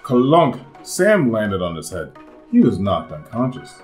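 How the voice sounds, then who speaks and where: A man reading a children's picture book aloud as host, in an expressive, animated storytelling manner. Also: lowish voice, a little slow, soft background music. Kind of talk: children's read-aloud narration.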